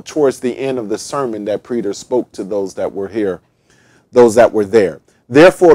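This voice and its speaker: A man's voice: medium pitch, a little mellow, no room sound. Emphatic male Bible teacher, dry sound. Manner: repetitive, emphatic preaching with fillers. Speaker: pastor. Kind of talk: Bible study sermon.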